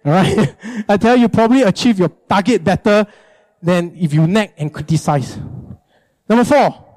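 High-voiced preacher. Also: male voice, normal speed. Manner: animated, emphatic, jumps into high mimicking. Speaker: pastor. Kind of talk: sermon.

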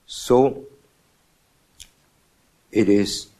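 A man preaching a morning sermon, stressing words with sudden loud and soft swings and asking his listeners questions. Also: mid-range voice. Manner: emphatic, rising and falling in loudness for stress; asks the congregation rhetorical questions.

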